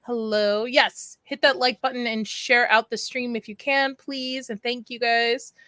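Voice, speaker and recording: A woman's voice: fairly high pitch, fairly even intonation, a little slow, sharp tone, dry recording, studio quality. A chatty woman hosting a casual live stream, laughing as she talks and getting over a flu. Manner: chatty, laughs between words. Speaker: stream host.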